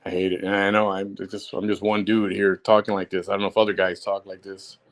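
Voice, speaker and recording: A man's voice: low voice, little pitch movement, a little fast. A man from Chicago, hosting a solo audio show, talking bluntly and heatedly, repeating himself for emphasis. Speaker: podcast host.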